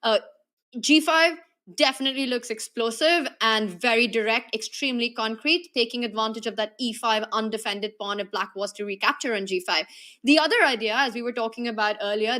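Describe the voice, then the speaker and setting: A woman calls a chess game live, talking through candidate moves in an analytical way and picking up points from the viewer chat. Her voice sits fairly high for a woman and sounds bright and forceful. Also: fairly quick. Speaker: chess commentator.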